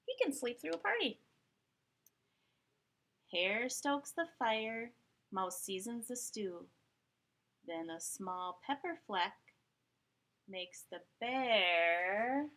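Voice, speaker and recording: A woman reading a children's picture book aloud at story time, animated and sing-song, pausing for little asides to the listeners. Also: medium pitch. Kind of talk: expressive read-aloud storytelling.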